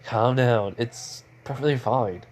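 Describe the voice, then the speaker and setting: A man voicing a calm young male ninja hero in a fan-made story, in a plain, barely changed reading. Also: mid-range voice, takes it slowly, close to an everyday voice.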